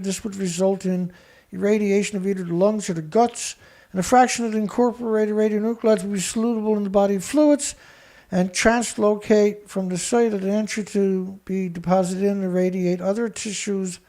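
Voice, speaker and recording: A man hosting a show, reading research text aloud haltingly and breaking in with scornful remarks to an absent critic. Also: high-pitched, mellow. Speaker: show host. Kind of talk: reading documents aloud with commentary.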